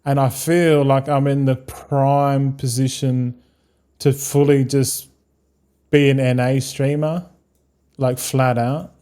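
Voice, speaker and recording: A man's voice: mid-range voice, flat delivery, takes it slowly, mellow, clean tone. Chatty Australian streamer man. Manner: rambling, swears freely, chummy slang. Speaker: game streamer. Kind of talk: casual live-stream chat.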